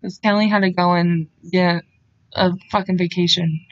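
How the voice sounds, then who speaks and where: A woman in her twenties co-hosting a podcast, chatting casually in a bubbly, excitable way and swearing freely. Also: on the low side, moderate pace, no room sound. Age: 20s. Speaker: podcast co-host. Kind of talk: casual chat. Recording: dull, lo-fi dry sound.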